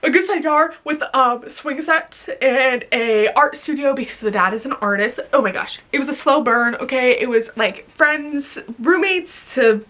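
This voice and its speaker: Young woman, high voice, rambling vlog chat, giggly, lots of fillers. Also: unhurried, hardly any pauses, fairly bright tone. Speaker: vlogger.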